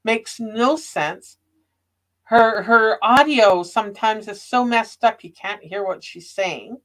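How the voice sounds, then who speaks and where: A woman's voice: on the high side, takes it slowly. A woman in casual live-stream chat, speaking bluntly and cuttingly.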